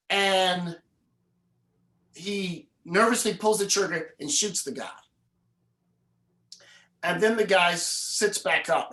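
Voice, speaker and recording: Man, director, animated storytelling, acts out characters, roomy echoey hall. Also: high voice, slow pace, pauses often. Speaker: film director and guest speaker. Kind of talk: storytelling in a live conversation. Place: university event hall.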